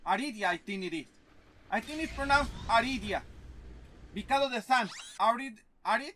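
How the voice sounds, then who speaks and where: A man's voice: very high voice, expressive, normal speed, bright, forceful tone, a little hiss or hum. A man whose first language is Spanish, hosting a gaming channel with a Spanish accent and chatty, self-deprecating commentary. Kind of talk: casual gameplay commentary.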